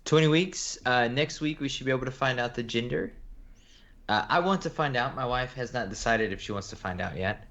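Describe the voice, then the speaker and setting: A man co-hosts a casual live stream in an ordinary mid-range voice. He chats in a relaxed way and drops dry asides now and then. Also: mid-range voice, a little fast. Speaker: co-host.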